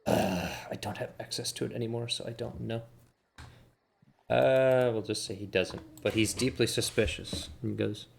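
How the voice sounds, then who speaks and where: A man running a tabletop game as game master, narrating in a measured, deadpan way. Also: medium pitch, gravelly, slight background noise.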